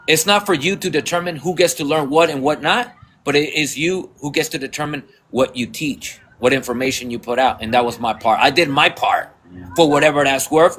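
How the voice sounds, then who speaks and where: A man hosting a livestream podcast who retells a story in a blunt, lecturing way, with quick Spanish asides. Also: fairly high pitch, fairly bright tone. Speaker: podcast host.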